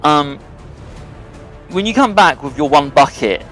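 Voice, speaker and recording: A man narrating as game master of a tabletop game, describing scenes in a relaxed way with many fillers. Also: on the high side, unhurried, faint music behind, rough recording.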